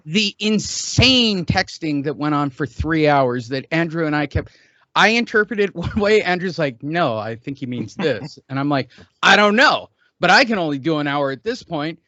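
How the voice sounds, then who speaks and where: Middle-aged male host, a little high-pitched, loose joking banter, muffled dry recording. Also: sharp tone, dry recording. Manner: rambling, joking, laughs often. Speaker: podcast host. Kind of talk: casual chat.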